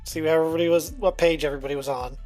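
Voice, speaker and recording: A man's voice: on the high side, steady tone, rapid-fire, darkish tone, soft background music. A man playing in a tabletop game, chatty and joking with the group. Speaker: player. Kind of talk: casual tabletop game chat.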